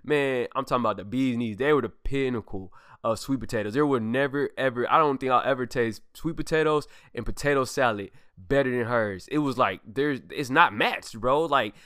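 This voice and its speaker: A man's voice: medium pitch, normal speed, few pauses, a bit bright, clean tone, dry recording, clean studio sound. A young man hosting a podcast, telling heartfelt personal stories in a casual, emphatic way with loose slang, acting out quoted lines. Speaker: podcast host.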